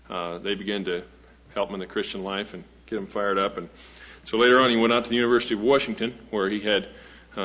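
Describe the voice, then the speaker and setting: A man's voice: fairly low pitch, fairly bright tone. Male host, folksy rambling introduction to a live audience, muffled dull old recording. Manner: folksy, rambling, many fillers and restarts. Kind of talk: speaker introduction with a humorous story.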